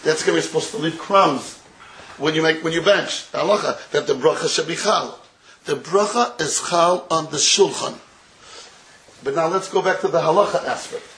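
A man's voice: a little high, a bit bright, a little hiss or hum, low-quality recording. A man giving a Talmudic lecture to a roomful of listeners, often chuckling and drawing out the phrases he quotes. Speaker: Torah teacher. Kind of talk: Talmudic lecture to a live audience. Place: room with listeners.

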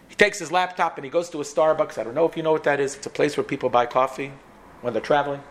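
A man's voice: on the high side, steady tone, fast talker. A man telling a sermon story dramatically, with repetition, acting out the dialogue.

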